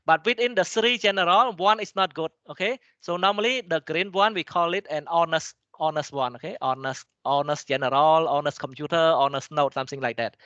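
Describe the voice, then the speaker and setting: A man with a Cambodian accent, a native Khmer speaker, lecturing in a halting way, with many restarts and frequent "okay?" checks to the class. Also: a little high, bright, forceful tone, no room sound, highs cut off. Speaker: teacher. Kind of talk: lecture explaining slides, switching between English and Khmer.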